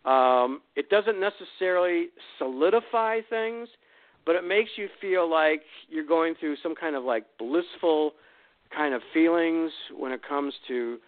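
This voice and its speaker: A man's voice: a little high, unhurried, dry recording. Man explaining astrology over a tinny line. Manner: relaxed, explanatory, with fillers. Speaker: guest astrologer. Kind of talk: call-in radio astrology reading. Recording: dry, tinny phone line.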